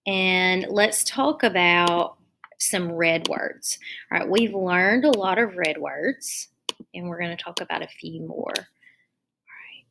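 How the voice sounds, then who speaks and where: A woman teaching young children in an online lesson, dictating sentences slowly and spelling words out letter by letter. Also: lowish voice, gravelly, background noise.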